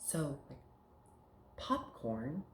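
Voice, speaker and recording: Slow, sing-song male phonics teacher. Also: big pitch swings, fairly bright tone, a little hiss or hum. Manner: slow, sounds out words and single letter sounds with big pitch jumps. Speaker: early-grade teacher. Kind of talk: phonics lesson for young children. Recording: roomy echo.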